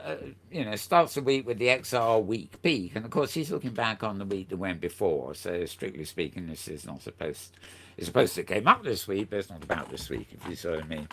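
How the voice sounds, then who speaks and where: A man's voice: low voice, sing-song, a little fast, fairly bright tone. A man hosting a casual news roundup, rambling along with plenty of self-corrections and frequent chuckles. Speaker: show host.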